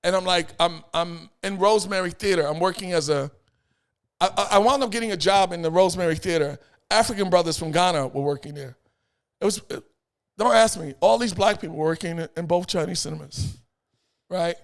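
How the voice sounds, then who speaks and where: Gravelly high-voiced New man. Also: fairly quick. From New York. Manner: animated, acts out quoted voices, repeats phrases. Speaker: guest. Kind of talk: casual storytelling chat.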